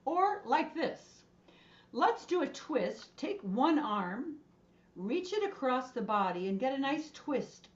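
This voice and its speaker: A woman's voice: high voice, lo-fi sound. A woman voice and choir instructor leading an online movement and singing class in a playful, encouraging way over a video call.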